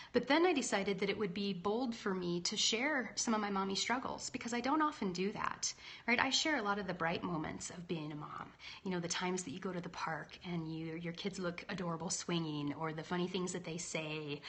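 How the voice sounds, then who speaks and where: A woman's voice: fairly low pitch, a little fast, fairly bright tone. A woman in her thirties, a leadership coach, talking casually and candidly to livestream viewers and often checking in with "right?". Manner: chatty and candid, with frequent "right?" asides. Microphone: phone or laptop livestream.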